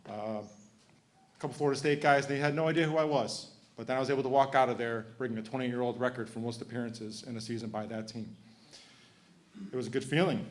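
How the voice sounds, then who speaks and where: Brief: thirties man at an awards podium, emotional but joking, faint background noise. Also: mid-range voice. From Connecticut. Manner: emotional, heartfelt, joking with audience. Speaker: hall of fame inductee. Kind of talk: acceptance speech.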